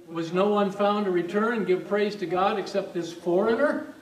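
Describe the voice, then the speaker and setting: A man's voice: normal speed, lo-fi sound. A man preaching a sermon as pastor, talking in a conversational way and asking the congregation questions. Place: church sanctuary. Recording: echoey hall, distant mic, faint rumble.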